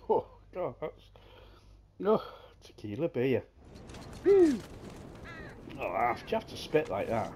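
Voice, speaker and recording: A man's voice: medium pitch, wildly swooping pitch, slow, long pauses, warm tone, slight background noise. A man commentating his gameplay and swearing crudely as he jokes at game characters.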